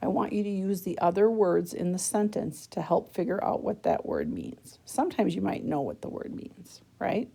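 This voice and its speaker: Woman, teacher, patient step-by-step worksheet lesson, gravelly, mellow. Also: mid-range voice, sing-song, moderate pace, hardly any pauses. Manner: patient, checks in with frequent "okay?"; talks students through each step of the task. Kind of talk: worksheet lesson recorded for students.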